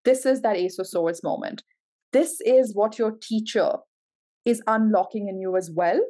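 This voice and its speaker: A woman's voice: medium pitch, moderate pace, mellow. A woman giving a tarot reading to camera, gushing and emotional, full of exclamations. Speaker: tarot reader.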